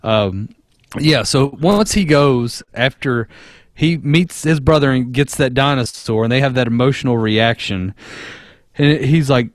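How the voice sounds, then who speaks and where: Male podcast co-host, mid-pitched, dry close mic, loose profane storytelling. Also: a little slow, dry recording. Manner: profane, rambling, animated retelling. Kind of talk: casual movie discussion.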